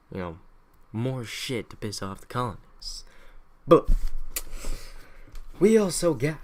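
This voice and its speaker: A young man casually retelling history on a podcast, irreverent and profane, slipping into slangy mock voices. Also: mid-range voice. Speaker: podcast host. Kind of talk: casual comedic history recap. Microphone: home podcast mic.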